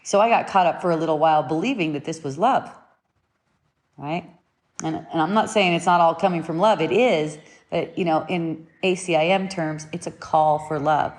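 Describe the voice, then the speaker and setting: A woman giving a spiritual teaching talk in an unhurried, reflective way, often repeating and rephrasing her points, at times pressing them home with short emphatic commands. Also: deep voice.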